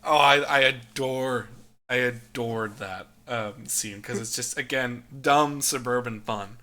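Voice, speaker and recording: A man co-hosting a podcast, chatting casually about a movie, animated and laughing often, with plenty of swearing. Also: medium pitch, slow. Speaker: podcast co-host. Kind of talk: casual movie review chat.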